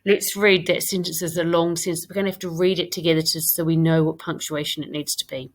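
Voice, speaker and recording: Here a British primary school teacher talks quickly in a fairly low, level voice. In this recorded English lesson for young children, she reads out something she wrote and walks through it bit by bit.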